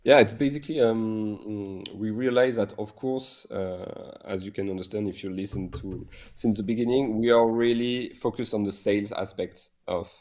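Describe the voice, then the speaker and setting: A man with a French accent answers interview questions in a low, warm, mellow voice. He talks hesitantly, with many fillers and restarts. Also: normal speed, hardly any pauses. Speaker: guest, software company founder. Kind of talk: casual podcast interview.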